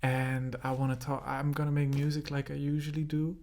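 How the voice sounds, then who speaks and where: A man's voice: fairly high pitch, completely flat delivery, fairly quick, a little mellow, slight background noise. A man hosting a casual music vlog from his home studio, talking in a laid-back, rambling way with plenty of fillers. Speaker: music producer and host.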